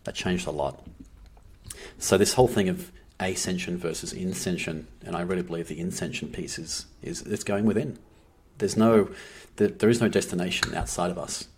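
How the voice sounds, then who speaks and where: A man speaking as a guest on a podcast, earnest and reflective, often restarting his sentences. His voice is very low and husky, with a soft rasp. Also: steady tone, fairly quick. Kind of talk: casual podcast conversation.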